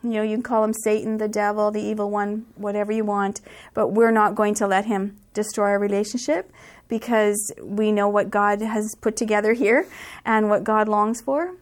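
A middle-aged woman gives a reflective personal testimony as a guest. She speaks sincerely, pausing with little fillers as she gathers her thoughts. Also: mid-range voice, little pitch movement.

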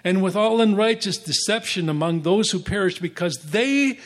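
A man teaching the Bible, reading scripture aloud and explaining it, his voice sinking quieter at the ends of phrases. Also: high-pitched, moderate pace.

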